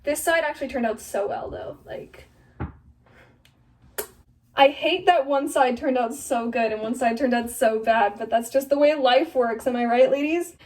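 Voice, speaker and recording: High-pitched teen girl vlogging, flustered and chatty, kinda far from the phone mic. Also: moderate pace, slight background noise. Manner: chatty, flustered, self-mocking, lots of "like". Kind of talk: casual chat while cutting her own hair. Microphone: phone camera.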